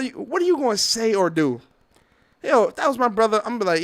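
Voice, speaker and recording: A man's voice: high-pitched, very animated, fast. A man hosting a podcast, ranting in opinionated solo commentary, swearing freely and acting out little dialogues. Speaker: podcast host.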